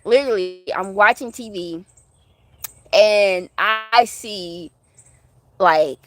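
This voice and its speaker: A woman's voice: mid-range voice, slow pace. A woman hosting her own channel, chatting casually and rambling through asides as she answers viewer questions. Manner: fan of classic TV soaps. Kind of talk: casual chat.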